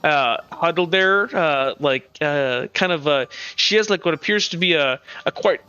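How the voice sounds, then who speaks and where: A man's voice: fairly high pitch, a little slow, pushed and bright, clean tone, highs cut off. A man narrating as game master on a live stream, rambling with many fillers and restarts.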